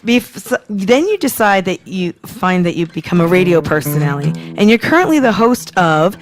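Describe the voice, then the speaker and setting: A woman hosting a radio talk show, asking questions in a lively, giggly way. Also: lowish voice, normal speed, over music. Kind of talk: casual interview chat.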